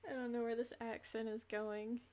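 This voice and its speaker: Woman streamer rambling thru a farming game, laughs a lot, voice a bit high. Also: little pitch movement, moderate pace, a little mellow. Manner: chatty, rambling, laughs between thoughts. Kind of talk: casual gameplay commentary.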